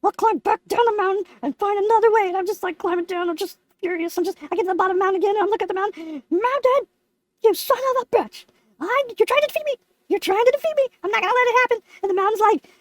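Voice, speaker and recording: A woman's voice: very high voice, steady tone, rapid-fire, hardly any pauses, a little mellow, no echo. A woman voicing a brash, foul-mouthed lemon puppet host, telling a boastful comic story.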